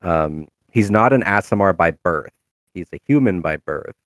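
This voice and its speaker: A man's voice: deep voice, animated, moderate pace, dry recording, studio quality. A man chatting casually about his game character, rambling with many fillers and restarts. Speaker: tabletop game player. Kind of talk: casual chat.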